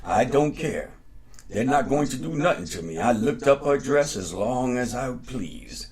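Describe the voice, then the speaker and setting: A man voicing a gullible tattletale who talks in an excitable, raised voice. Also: mid-range voice, a little slow, close to an everyday voice. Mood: reckless.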